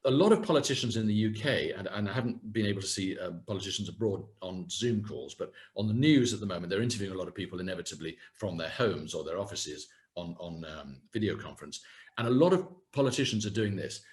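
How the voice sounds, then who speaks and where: A man's voice: low-pitched, fast. A man coaching viewers on voice and posture in a webinar, demonstrating as he talks over a video call. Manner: lively, hands-on, demonstrating as he speaks. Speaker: communication and voice coach. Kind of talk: webinar talk with practical exercises.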